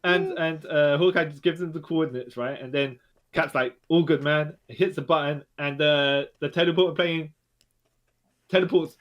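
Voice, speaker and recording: A man with a somewhat high voice joins a casual comic book chat. He jumps in with quick agreement and joking asides as they go over the story. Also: fairly even intonation, a bit bright, lo-fi sound. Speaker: comic book podcast co-host.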